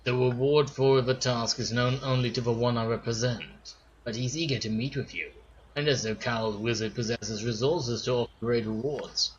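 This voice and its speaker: A man's voice: mid-range voice, steady tone, moderate pace, dull audio, slight background noise, close to an everyday voice. Man reading a formal wizard's messenger.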